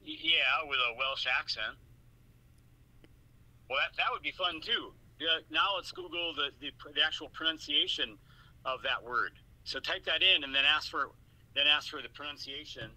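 A man's voice: a little high, normal speed, pushed and bright, rough recording. A man calling into a show, joking in crude, slangy casual banter. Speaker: caller.

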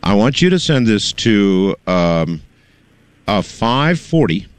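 A man hosting a late-night call-in radio show, with a somewhat low voice. He cuts in often, firm and businesslike, steering the caller through the details. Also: sing-song, slow pace, clean tone. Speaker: radio talk show host.

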